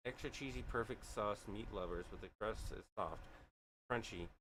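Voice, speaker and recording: Man streamer, casual rambling chat, bright tense tone, slightly low voice. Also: normal speed, slight background noise. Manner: rambling and jokey, with frequent fillers.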